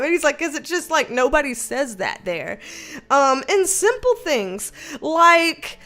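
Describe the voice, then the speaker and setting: A woman in her thirties from the American South with a light Southern accent, chatting casually on a livestream, animated, swearing and laughing as she tells stories. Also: high-pitched, a little slow. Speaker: livestream host.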